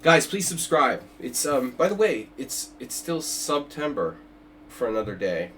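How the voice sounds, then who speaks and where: A man's voice: lowish voice, slight background noise. An older man hosting a chess simul on a livestream, chatting casually with jokes, asides and restarts. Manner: joking, rambling, with many restarts and asides.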